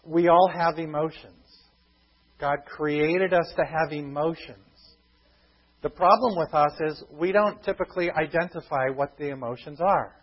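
A man preaching a sermon as pastor, earnest and emphatic, dropping to a hushed tone on key points. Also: a little high, a little slow, breathy edge, highs cut off.

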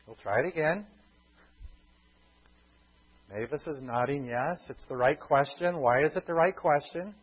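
Preacher, male, higher-pitched and husky, animated storyteller, muffled lo-fi sound. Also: unhurried, long pauses. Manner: animated storytelling, acts out the characters' thoughts. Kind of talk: sermon.

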